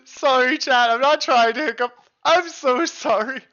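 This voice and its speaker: A woman's voice: high voice, a little slow, a bit bright, highs cut off. A woman streaming a video game live, chatting casually with her viewers, reacting aloud and reading on-screen text, and swearing freely.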